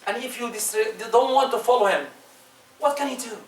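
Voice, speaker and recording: A man preaching a Friday sermon, emphatic, with his voice swinging between loud rises and soft drops. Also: very high-pitched, moderate pace. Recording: echoey room, distant mic.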